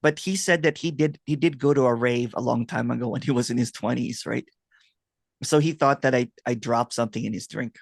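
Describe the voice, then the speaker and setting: A man talking through a video call, his voice dry and close with no room sound around it. He tells stories in an animated way and laughs often, hosting a relaxed chat. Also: medium pitch, fairly quick, gravelly, no echo. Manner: laughs a lot, animated storytelling. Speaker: host, non-duality guide.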